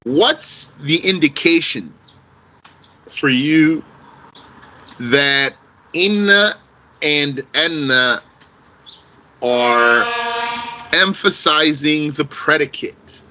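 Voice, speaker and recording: Male grammar teacher, slightly high, bright voice, unhurried and repetitive delivery for students. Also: slight background noise, rough recording. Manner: explains slowly, repeats key phrases, quizzes the class with a countdown. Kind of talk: classroom grammar lesson.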